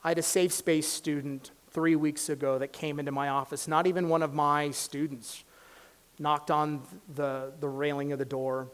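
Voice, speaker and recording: A man, a college professor, giving an impassioned public lecture in a campus hall, swinging from loud exhortation to hushed storytelling. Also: fairly high pitch, level tone, normal speed, smooth.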